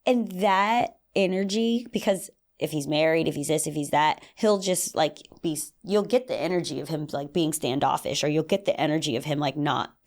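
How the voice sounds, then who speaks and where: A young adult woman hosting a solo podcast in casual, animated talk, acting out little scenes in playful voices. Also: low-pitched, moderate pace. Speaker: podcast host.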